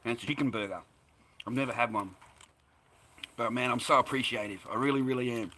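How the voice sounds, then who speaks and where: Australian bloke vlogging, rambling and chatty, bright tone, easy laugh. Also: male voice, medium pitch, fairly quick, slight background noise. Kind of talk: casual chat to camera.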